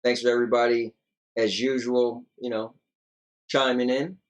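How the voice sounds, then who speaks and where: Yawning and tired, a young man co-hosts a casual podcast, rambling loosely and reading viewer comments aloud. His voice is mid-range and level in tone, at a normal speed.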